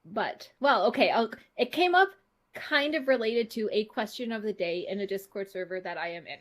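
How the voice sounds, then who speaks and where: A woman co-hosting a podcast in casual chat, telling stories with animated quotes. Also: mid-range voice, moderate pace. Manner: animated storytelling, acts out her own quotes. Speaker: podcast co-host.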